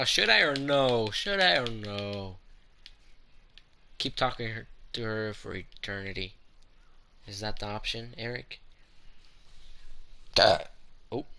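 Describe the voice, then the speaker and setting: A man talks his way through a game, muttering reactions and often dropping to a hush. His voice is gravelly with a very bright, sharp edge. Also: medium pitch. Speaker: gamer. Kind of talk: casual gameplay commentary.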